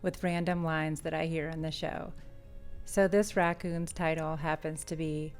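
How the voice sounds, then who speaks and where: A woman, an artist and shop owner, narrating her vlog in a calm, matter-of-fact voice-over. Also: low voice, unhurried. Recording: voice-over with faint background music.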